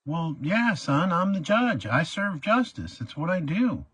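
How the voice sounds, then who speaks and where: Condescending male judge voiced by a man, folksy, husky, raised pitch, dry close sound. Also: sing-song, measured pace, fairly bright tone, no room sound, exaggerated voice. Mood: patronizing. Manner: drawling, condescending, calls people son. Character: folksy older male small-town judge.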